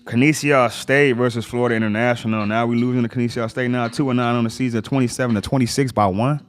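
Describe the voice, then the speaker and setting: A man's voice: mid-range voice, steady tone, fast talker. A man hosting a sports livestream, reading game scores in a casual rundown and reacting to each result with slang asides.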